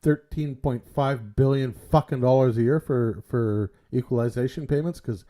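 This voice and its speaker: A man in his sixties from Canada with a big booming voice, co-hosting a casual livestream chat and ranting bluntly with plenty of swearing. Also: normal speed, warm tone. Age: 60s. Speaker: livestream co-host.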